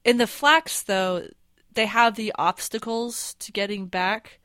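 A woman's voice: medium pitch, fairly even intonation, slow, fairly bright tone, no echo. A woman co-hosting a podcast, casually talking through a story's structure and thinking aloud. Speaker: podcast co-host. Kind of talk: casual chat.

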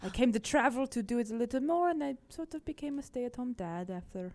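A woman doing a proud French dad who once played trumpet professionally, with a thick put-on French accent and a rather high voice. He's courteous and a little long-winded, rambling about his homeland in a tabletop role-play. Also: lively intonation, brisk, a little mellow. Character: French man, retired trumpeter turned stay-at-home dad.

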